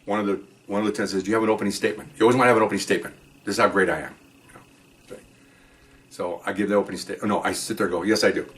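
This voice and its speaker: A rather low-voiced man spins a story from his police days in an easy, chatty way, slipping into the voices of the people he quotes. He sounds a little off-mic, as if sitting back from it. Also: fairly even intonation, very fast, a bit bright, distant mic. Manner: chatty, acts out dialogue, swears offhand. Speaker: retired police officer telling stories on a podcast. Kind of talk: casual first-person storytelling.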